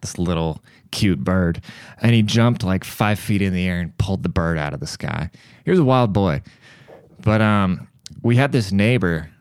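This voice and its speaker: A male podcast host telling rambling stories with plenty of swearing and frequent laughter. His voice sits a little low. The sound is dry and close, with no room echo. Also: clear, resonant tone. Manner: crude, profane, laughs often. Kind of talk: casual comedic storytelling.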